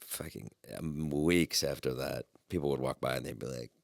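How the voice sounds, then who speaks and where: A middle-aged man co-hosting a podcast, telling an animated story in casual chat and swearing freely. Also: very deep voice, moderate pace, creaky, no room sound. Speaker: podcast co-host.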